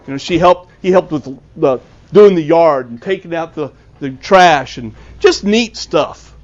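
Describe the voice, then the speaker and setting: A man's voice: fairly high pitch, animated, a little slow. A man, an author, giving a storytelling talk to a club, earnest and acting out the dialogue. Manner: earnest, acts out quoted dialogue. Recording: dull lo-fi recording.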